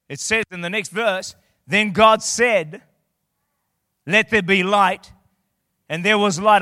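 A man preaching a sermon in a church, impassioned and building to shouted declarations. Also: sits high, no room sound, clean studio sound, long reverb tail. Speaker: guest preacher. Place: church auditorium.

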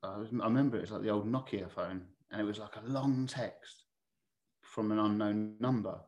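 Male podcast guest, low voice, candid and chatty, swears freely, restarts often as he tells his story. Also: moderate pace, a little mellow. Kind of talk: casual anecdotal storytelling.

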